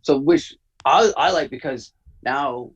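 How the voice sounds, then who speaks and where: Male podcast co-host, husky, rambly casual delivery, lo-fi recording. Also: medium pitch, animated, slow. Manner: rambling, lots of fillers and restarts. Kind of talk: casual review chat.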